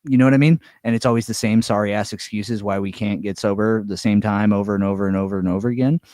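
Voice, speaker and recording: A man's voice: fairly low pitch, steady tone, fast talker, darkish tone, no room sound. A man co-hosting a podcast in a casual chat, laid-back and swearing freely, saying "dude" a lot. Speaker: podcast co-host.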